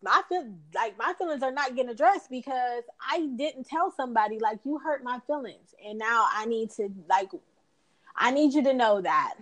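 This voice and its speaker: A woman's voice: a little high, moderate pace, low-quality recording. A woman co-hosting a casual conversation, animatedly acting out dialogue as she tells stories. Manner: animated storyteller, acts out dialogue.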